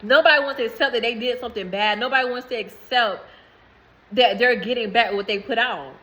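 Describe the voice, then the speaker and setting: Bright-voiced woman rambling to camera. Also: on the high side, fairly quick, poor audio. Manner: rambling, repeats herself, laughs between phrases. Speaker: vlogger. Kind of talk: casual spiritual talk to camera.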